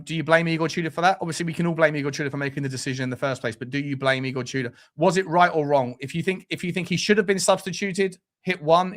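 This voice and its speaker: A man's voice: on the high side, fairly bright tone. Blunt, crude-joking man. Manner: blunt and crude, joking, reading out the live chat. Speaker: fan show presenter. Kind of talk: casual live-stream chat.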